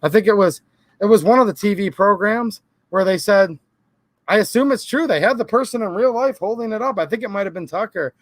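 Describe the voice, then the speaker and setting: Stream host, male, high voice, rambling emphatic delivery, dry home-studio sound. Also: animated, brisk, no echo. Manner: rambling, emphatic, defensive asides. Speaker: channel host answering viewer comments. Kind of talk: casual live-stream talk.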